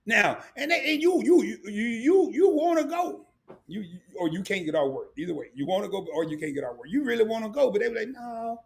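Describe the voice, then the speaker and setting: A middle-aged man hosting a casual live stream, talking to his chat in an animated way, laughing a lot and repeating words. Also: sits high, brisk, creaky.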